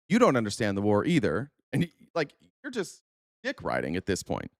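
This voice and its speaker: Ranting livestream host, swings up and down. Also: male voice, medium pitch, huge pitch swings, brisk, no echo, clean studio sound. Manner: heated, sarcastic, swearing, scolding chat commenters. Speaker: livestream host reacting to news. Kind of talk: profane live-stream rant.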